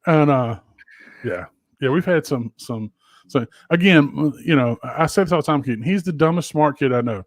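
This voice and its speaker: A middle-aged man co-hosting a podcast from his home office, telling crude stories in an animated, swearing way. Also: on the high side, normal speed, dry recording. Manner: profane, animated storyteller. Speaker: podcast co-host. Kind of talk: casual chat.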